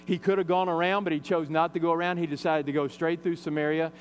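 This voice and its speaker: A man's voice: on the high side, level tone, quick pace, slight background noise. A man preaching a sermon, retelling a Bible story in a conversational manner with frequent fillers.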